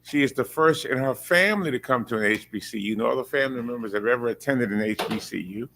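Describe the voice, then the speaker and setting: A man's voice: medium pitch, fast, sharp tone. A man, a university official, formally introducing a student at a board meeting and reading a prepared tribute with occasional filler-laden asides.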